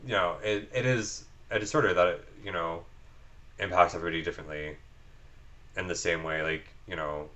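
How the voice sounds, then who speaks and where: A man with a very low voice talks earnestly in a relaxed podcast conversation. He leans on fillers and restarts his sentences often. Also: moderate pace. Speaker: podcast guest. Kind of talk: casual chat.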